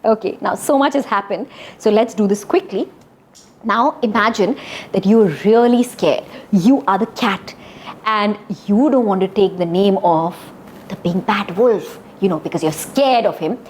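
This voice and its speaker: A woman's voice: medium pitch, unhurried, darkish tone, a little hiss or hum. A woman telling a fairy tale to children, coaxing them to act along and praising them. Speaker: children's storyteller. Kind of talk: interactive story enactment for kids.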